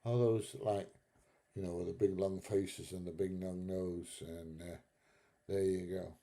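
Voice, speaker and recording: Blunt, chatty man, low voice. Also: level tone, unhurried, mellow. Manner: chatty, blunt, swears, laughs at own jokes. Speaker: live stream host reading chat. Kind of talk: casual live stream chat.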